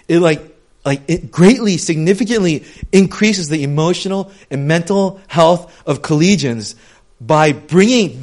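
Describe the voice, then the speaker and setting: A young man giving a casual, conversational sermon, telling stories with lots of "um" and "like". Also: sits high. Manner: chatty, many fillers like "um" and "like", animated storytelling. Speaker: preacher.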